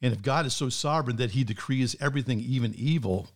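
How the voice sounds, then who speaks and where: A man's voice: mid-range voice, fast. A man, a pastor, talking earnestly in a casual discussion and sometimes reading from his own notes. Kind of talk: casual chat.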